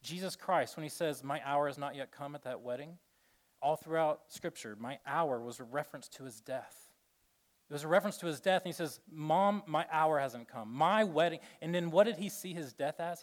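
A slightly higher-pitched man preaching a sermon to a live room. He talks in a casual, joking way and acts out little voices. Then his delivery turns soft and earnest. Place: room with an audience.

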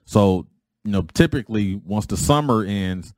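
A man's voice: lowish voice, lively intonation, normal speed, no room sound. A man hosting his own podcast, talking casually in a rambling way, often repeating himself and paraphrasing others. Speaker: podcast host. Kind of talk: casual opening monologue.

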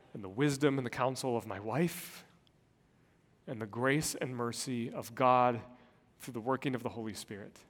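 Earnest man preaching in an echoing hall. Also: medium pitch. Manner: earnest, personal storytelling with shifts between soft and loud. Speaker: pastor. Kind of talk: sermon. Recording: long hall reverb.

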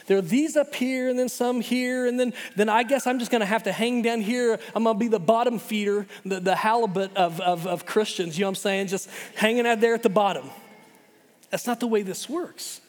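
A middle-aged man preaching a sermon in an animated way, often repeating words and restarting. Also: high-pitched, a little fast. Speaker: pastor. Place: church hall. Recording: long hall reverb.

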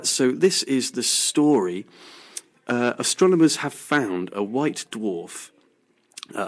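Casting: low-voiced man, casual radio science host who rambles and restarts his sentences. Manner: rambling with many fillers and restarts. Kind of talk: casual radio news chat.

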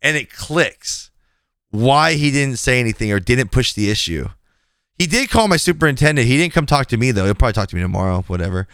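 A man's voice: medium pitch, fairly quick, clear, resonant tone, no echo, clean studio sound. A man on a podcast, frankly telling a story about a clash at work and acting out what each person said. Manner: animated, frank, quotes people in dialogue. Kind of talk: casual storytelling. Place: podcast studio.

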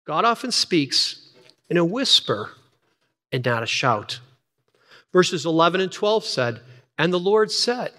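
A man in his sixties preaching a sermon, repeating key lines and dropping to a near-whisper to stress points. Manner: swings from energetic, high, fast passages down to hushed, near-whispered emphasis. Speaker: pastor. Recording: long hall reverb.

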